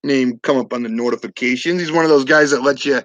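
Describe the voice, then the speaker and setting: A man's voice: medium pitch, quick pace, fairly bright tone, no echo. A man co-hosting a fantasy football livestream from his home basement, talking in loose, joking, profane banter. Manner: profane, laid-back joking. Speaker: fantasy football show co-host.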